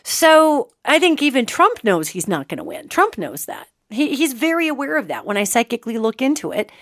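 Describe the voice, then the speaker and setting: Woman host, fairly high voice, conversational monologue with sarcastic asides, dry close sound. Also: sing-song, moderate pace, a bit bright, no room sound. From United States. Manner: chatty, emphatic, sarcastic asides. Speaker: host and psychic. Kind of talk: casual monologue.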